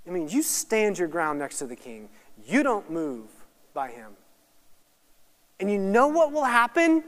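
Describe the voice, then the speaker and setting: High-voiced animated male preacher, reverberant hall. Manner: swings from hushed to loud, rapid excited asides. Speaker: guest speaker at a Bible study. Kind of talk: animated Bible teaching. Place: church hall or meeting room.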